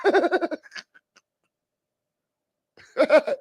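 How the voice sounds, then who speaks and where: A man hosting reaction commentary, animated and laughing, full of crude slang. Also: drawn-out words, dry recording. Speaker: commentary host.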